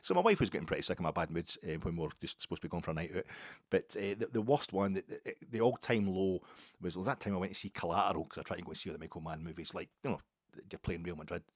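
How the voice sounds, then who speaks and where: A man's voice: low-pitched, fairly even intonation, rapid-fire, dry recording, clean studio sound. A man with a Glaswegian Scottish accent, hosting a football podcast and telling rambling, self-mocking stories in casual chat. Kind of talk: casual monologue.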